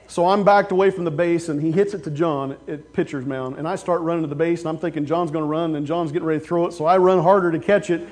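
A male pastor preaching a sermon, with casual stories and sudden loud, emphatic outbursts. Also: on the high side, steady tone, fast, few pauses.

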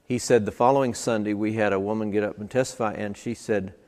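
A man's voice: lowish voice, fairly even intonation, quick pace, a little mellow. A man preaching a sermon at a church service, emphatic and building points through stacked, repeated phrases. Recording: long hall reverb.

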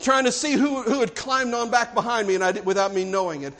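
A man with a Southern US accent voicing a huge, rough biker who is shaken and tearful, telling his story urgently. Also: extremely high pitch, quick pace, a bit bright, voice pushed up.

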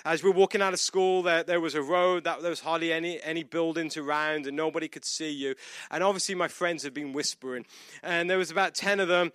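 A young male preacher delivering a sermon in a high, ringing voice. He tells his story with sudden loud bursts that drop to quiet, hushed lines. The sound is close and dry. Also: no room sound.

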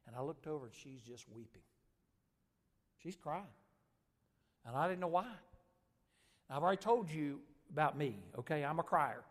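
A male preacher with a fairly high voice telling a story and praying, a lively storyteller who swings from loud to soft. His words ring on through the long reverb of a big church hall. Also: normal speed, pauses often. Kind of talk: sermon with story and prayer.

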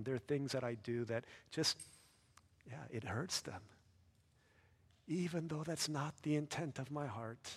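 A man's voice: mid-range voice, measured pace, long pauses, husky. Earnest male pastor in a reverberant hall. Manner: earnest, builds to loud emphatic peaks then drops soft. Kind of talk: sermon.

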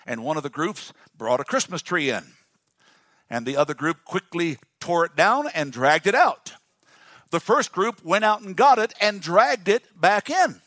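A male pastor with a fairly high voice delivers a dynamic sermon. He calls on the congregation to say words back to him. The sound is dry and close. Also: expressive, a little slow, bright, forceful tone, no room sound. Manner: dynamic, call-and-response with the congregation.

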